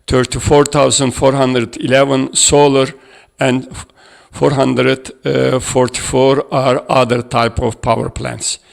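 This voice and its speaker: A man giving an academic conference presentation, halting and hesitant as he reads out figures from his slides. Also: mid-range voice, creaky. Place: conference room.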